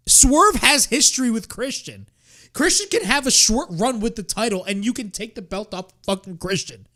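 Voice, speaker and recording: A man's voice: extremely high pitch, pushed and bright. A young man hosting a wrestling watch-along, ranting in exasperation, swearing and repeating himself. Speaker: wrestling reaction host.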